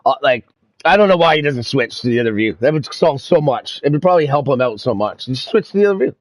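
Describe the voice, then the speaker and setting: A man's voice: mid-range voice, expressive, fast talker, no room sound. A young man streaming sim racing, chatting casually with friends, laid-back, swearing and laughing a lot. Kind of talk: casual chat over voice chat.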